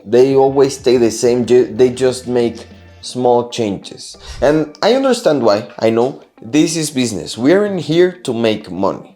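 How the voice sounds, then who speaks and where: A man's voice: medium pitch, warm tone. A man whose first language is Spanish, reviewing watches in a casual vlog and giving his opinions in an earnest, explaining way with small restarts.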